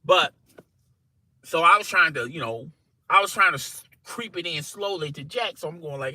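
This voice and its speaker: A man telling a funny workplace story to camera in an animated, conversational way, often checking in with "okay?" and "you know". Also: a little high, normal speed, dry recording, rough recording. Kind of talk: casual story told to camera.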